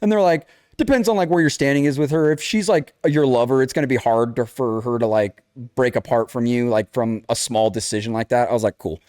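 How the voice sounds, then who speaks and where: A man's voice: mid-range voice, fairly quick, hardly any pauses, no room sound, clean studio sound. A young man co-hosting a casual chat, telling a video game story with lots of swearing and acted-out lines. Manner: animated storytelling, acts out game characters, swears a lot. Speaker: podcast co-host.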